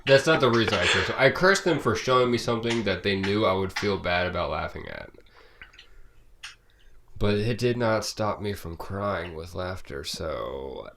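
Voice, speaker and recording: A man's voice: low voice, moderate pace. A young man co-hosting a podcast in casual chat, telling stories with swearing and bursts of laughter. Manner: animated, swearing, laughing storyteller. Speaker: podcast co-host. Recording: noisy home recording.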